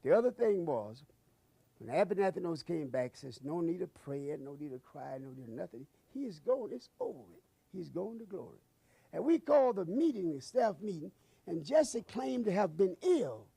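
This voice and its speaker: A man's voice: on the high side, very animated, normal speed, gravelly, warm tone, husky, no room sound. A man recounting an eyewitness memory in an emotional, dramatic storytelling manner. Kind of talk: eyewitness recollection.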